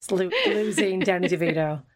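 A woman's voice: lowish voice, brisk. A woman co-hosting a podcast, chiming in with jokey, teasing remarks. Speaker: podcast co-host. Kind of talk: casual chat.

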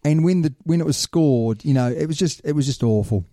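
A man's voice: a little high, a little fast, no room sound, studio quality. A man hosting a rugby talk show in casual, opinionated chat, calling his co-host mate. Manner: animated, opinionated, says "mate".

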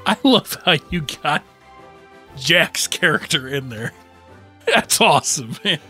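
A listener reacting with amusement to a story in casual chat, drawn out and relaxed. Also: mid-range voice, takes it slowly, slightly rough, soft background music.

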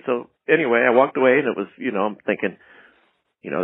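A man being interviewed as a guest, telling stories in an animated way and acting out quoted lines in a raised voice. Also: medium pitch, fast talker, creaky, breathy edge, no echo. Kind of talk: anecdotal storytelling. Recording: tinny phone-line audio.

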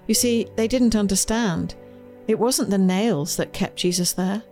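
A woman, the author, reading her children's storybook aloud in a gentle, expressive way, with faint music behind. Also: mid-range voice, unhurried.

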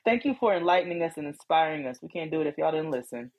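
A woman co-hosting a casual podcast, reading listener letters aloud with lively asides and laughter. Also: sits low, quick pace. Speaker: podcast co-host.

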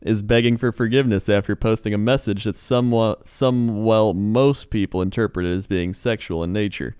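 A man's voice: on the low side, fairly even intonation, moderate pace, darkish tone, clear, resonant tone, no room sound, clean studio sound. A man co-hosting a casual comedy talk show, reading odd news stories aloud and laughing often.

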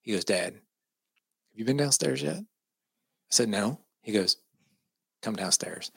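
Low, gravelly male guest, bright and emphatic, moved as he tells a family story; dry close sound. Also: lively intonation, a little slow, no echo. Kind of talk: personal storytelling.

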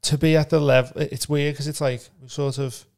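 A man's voice: fairly high pitch, level tone, a little fast, vocal fry, a little mellow. A man co-hosting a podcast, a comedian in casual chat, self-deprecating and rambling with lots of fillers.

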